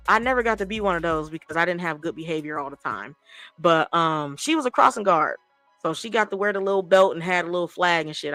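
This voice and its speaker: A woman host telling childhood stories in casual chat, animated and profane, acting out other people's voices. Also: lowish voice, dry recording.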